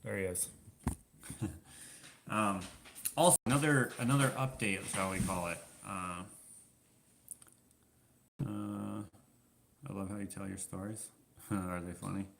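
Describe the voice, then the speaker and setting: A man's voice: low-pitched, steady tone, takes it slowly, creaky, pauses often, a bit bright, slight background noise. A man from Canada chatting casually in a question-and-answer vlog, telling rambling stories full of fillers. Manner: rambling storyteller, many fillers. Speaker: vlogger.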